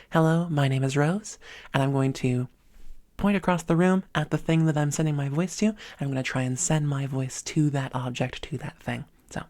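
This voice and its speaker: A woman's voice: deep voice, a little mellow, no room sound, studio quality. Upbeat woman voice coach explaining. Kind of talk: spoken voice lesson. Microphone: desk microphone.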